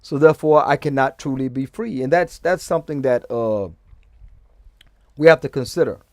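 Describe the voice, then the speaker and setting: A man's voice: medium pitch, normal speed, a little mellow, no echo, studio quality. A man giving rambling casual commentary, restarting sentences and often checking "okay?". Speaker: vlogger.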